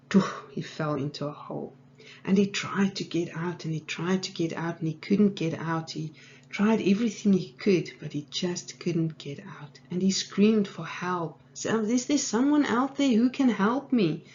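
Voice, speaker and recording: Low-voiced woman life coach. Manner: relaxed storytelling with fillers. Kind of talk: storytelling lesson to camera. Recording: dull audio, faint hum.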